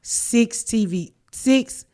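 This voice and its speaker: A woman's voice: fairly high pitch, extremely slow, dark tone, slight background noise. Brash, profane middle-aged woman storyteller. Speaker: podcast host and comedian. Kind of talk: casual storytelling chat.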